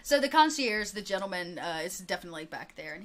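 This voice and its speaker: A woman narrating as game master of a tabletop game, relaxed and laughing often. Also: on the low side, quick pace, slight background noise.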